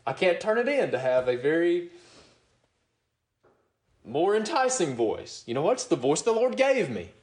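A middle-aged pastor preaches in a chatty, down-home way, his pitch rising and falling with animation. He sits a bit high for a man and keeps breaking into small chuckles between points. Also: big pitch swings, moderate pace, pauses often, a little mellow, roomy sound. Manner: conversational preaching with frequent chuckles and "you know what?". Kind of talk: sermon.

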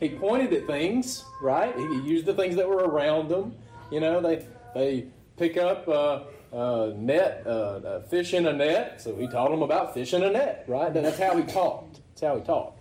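A pastor preaching a conversational sermon, often asking the congregation rhetorical questions. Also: male voice, a little high, animated, unhurried, a little mellow, roomy sound, low-quality recording.

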